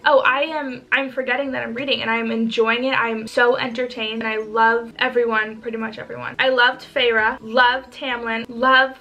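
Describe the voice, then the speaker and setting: A woman chats on her vlog in a high, bright voice, gushing and rambling with excitable energy. She talks casually, circling back to her points as she goes. Faint music plays underneath. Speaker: vlogger. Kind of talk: casual reading vlog chat.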